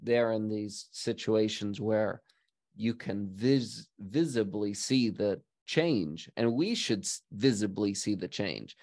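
A man with a low voice talks through ideas on a faith podcast, recorded dry and close with no room sound. He is reflective and explanatory, and he often tags his points with a quick question to his co-host. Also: a little mellow, no room sound. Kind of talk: casual Christian podcast chat.

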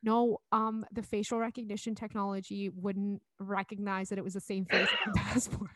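A woman's voice: mid-range voice, little pitch movement, normal speed, a bit bright, no echo. A young adult woman hosting a podcast in casual chat, a chatty storyteller who giggles often. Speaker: podcast host.

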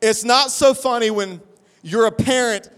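A man preaching a sermon, telling a funny, self-deprecating story in an animated way. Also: extremely high pitch, measured pace, clean tone. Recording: long hall reverb.

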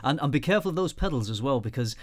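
Spokojny brytyjski mężczyzna, luźna rozmowa. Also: male voice, mid-range voice, very fast. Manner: relaxed, knowledgeable, laughs along. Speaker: podcast co-host. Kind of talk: casual chat.

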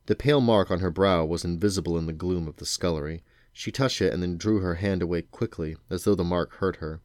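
Reading a novel to his kids, this man narrates in a deep voice at a steady, unhurried pace. There's no room echo; the sound is dry.

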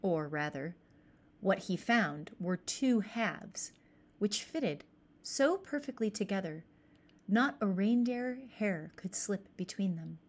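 A woman narrates a storybook aloud in a measured, gentle manner. She takes her time, with a middle-pitched voice and a slow pace. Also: animated.

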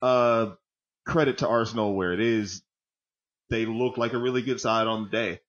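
A man's voice: lowish voice, fairly even intonation, normal speed, fairly bright tone. A man co-hosting a football podcast in casual, joking chat, swearing freely and rambling between points. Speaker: podcast co-host, football fan. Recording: dull lo-fi audio.

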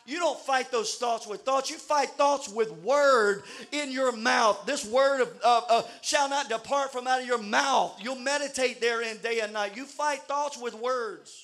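High, bright, fervent shouting preacher man. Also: unhurried, few pauses. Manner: shouting, fervent preaching with call-and-response build-ups. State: out of breath. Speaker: pastor. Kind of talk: sermon. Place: church service on a stage.

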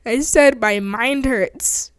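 Giggly high-voiced young woman role-playing. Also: slow, clear, resonant tone, dry recording. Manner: playful, giggly, bursts into shrill melodramatic shrieks. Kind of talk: improvised role-play with a friend.

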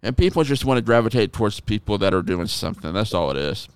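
Low, very clear man telling a story. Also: fast talker, no echo. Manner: animated storyteller who swears freely. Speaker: podcast host. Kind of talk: casual podcast chat.

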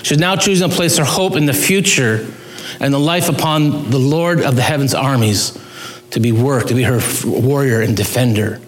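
A man's voice: medium pitch, moderate pace, roomy sound, a little hiss or hum. A man preaching a sermon as pastor, earnest and emphatic, with sudden rises and drops in his voice.

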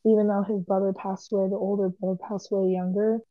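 A woman's voice: medium pitch, flat delivery, fast, no echo. A young woman in casual chat about a movie, rambling emotionally and filling her talk with "like". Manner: rambling, heavy use of "like", emotional. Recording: dull lo-fi sound.

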